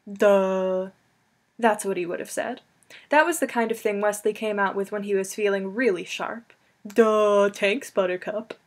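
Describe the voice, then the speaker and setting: A woman narrating an audiobook in an expressive way, slowing down on emotional lines. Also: mid-range voice. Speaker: audiobook reader.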